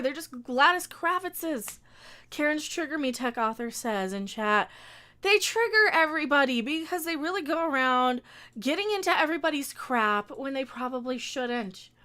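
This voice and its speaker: A woman's voice: sits high, pushed and bright. A woman streamer ranting sarcastically through a live reaction stream, talking back at the video and sometimes tripping over her words.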